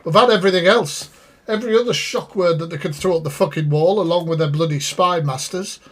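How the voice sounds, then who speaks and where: Streamer, fairly high voice, blunt and sweary, talks straight to his chat. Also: fairly quick. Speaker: streamer reacting to a live stream. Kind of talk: live reaction commentary.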